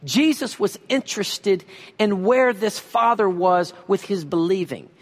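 A man preaching a sermon, reading scripture slowly and pressing his points with emphasis. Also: high voice, big-room sound. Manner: emphatic preaching, reads scripture slowly, uses a volunteer for a demonstration. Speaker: pastor.

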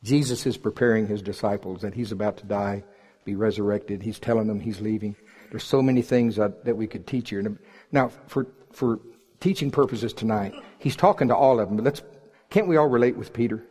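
A male preacher with a fairly low, breathy voice talks fairly quickly through an animated, joking church sermon. He alternates between loud and soft delivery.

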